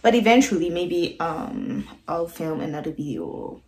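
A woman chatting casually to camera as an art vlogger, often pausing to search for the right word. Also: deep voice, huge pitch swings, a little mellow. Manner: chatty, searches for words, many fillers. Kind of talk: casual vlog chat to camera. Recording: roomy echo with background music. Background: music playing.

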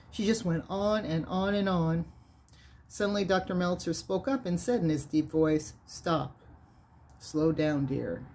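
A woman reading a nonfiction book aloud in a measured way, lifting her voice on key words. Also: fairly low pitch, dark tone, a little hiss or hum. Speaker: reader of a book on sound healing.

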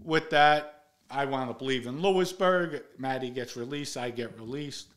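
A blunt older man tells street stories in a casual monologue. He swears freely and talks in a middle-pitched voice, getting loud and sharp whenever he acts out what someone said. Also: unhurried. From the Bronx, New York. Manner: blunt, profane, acts out quotes in a raised voice. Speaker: show host telling stories.

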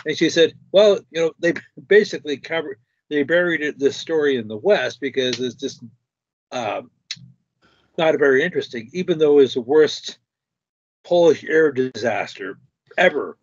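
A man's voice: fairly high pitch, moderate pace, slightly rough, no echo, lo-fi sound. A man hosting a stream, chatting casually and retelling a story with other people's words. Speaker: stream host. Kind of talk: casual conversation.

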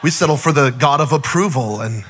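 A man preaching an energetic sermon as guest pastor, with rising fervor and shouted calls to the crowd. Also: mid-range voice, a little fast, soft background music.

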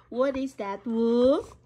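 High, lively woman coaxing her dog. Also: vocal fry, husky. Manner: playful, coaxing, laughs often. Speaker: dog owner. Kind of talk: casual chat with her dog.

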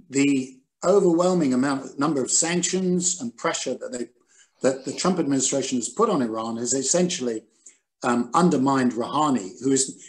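An older man, a former newspaper editor, giving measured, analytical answers in an interview over a video call, with frequent ums and restarts. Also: mid-range voice.

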